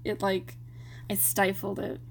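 A woman's voice: medium pitch, monotone, takes it slowly, a little hiss or hum. A woman making casual, self-mocking asides, laughing at her own slips.

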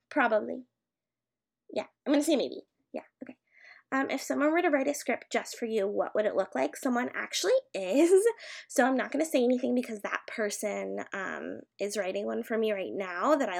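Young woman rambling thru a questionnaire at home, kinda high voice, lots of fry and fillers. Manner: rambling and hesitant, with many filler words. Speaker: amateur audio creator. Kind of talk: casual monologue answering a questionnaire. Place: her home.

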